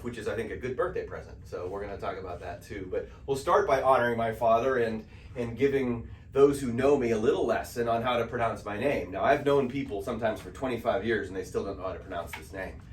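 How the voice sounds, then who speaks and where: A man's voice: on the low side, fast talker. A man giving a conversational spiritual lecture to an audience, often checking in with "okay?". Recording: echoey room, mic at a distance.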